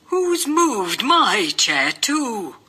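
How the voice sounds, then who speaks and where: A man voicing a prim, indignant mother bear in a high falsetto for a storybook cartoon. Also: sing-song, extremely slow, pushed and bright, breathy edge, heavily acted.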